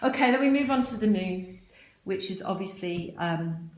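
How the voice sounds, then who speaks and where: A woman's voice: medium pitch, animated, moderate pace, roomy sound, a little hiss or hum. A woman hosting a casual live session as a spiritual teacher, chatty and encouraging as she reads out viewer comments. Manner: warm, encouraging, chatty with frequent restarts.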